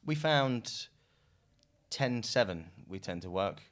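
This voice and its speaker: A man's voice: fairly low pitch, expressive, takes it slowly, a bit bright. A British man who founded a recruitment firm, chatting casually as a podcast guest, loose and laughing, with the odd swear. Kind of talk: casual business podcast chat.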